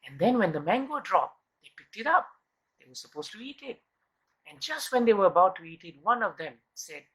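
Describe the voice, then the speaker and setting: A man leading a devotional scripture class in an earnest teaching tone. He keeps asking his listeners rhetorical questions and repeats words to drive his point home. When he tells a story, his pace slows and quickens, and his phrases often trail off. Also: high-pitched, very animated, fairly bright tone, slightly rough, rough recording.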